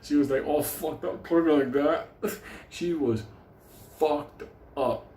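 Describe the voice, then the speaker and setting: A man's voice: a little high, slow, mellow. A man telling a rambling, profane comic story, laughing through it. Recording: roomy echo, faint ambience.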